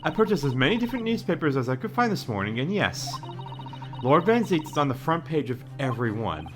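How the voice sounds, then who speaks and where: A player reading a game's composed young female legal assistant, polite and measured. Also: mid-range voice, very animated, noisy background, close to an everyday voice.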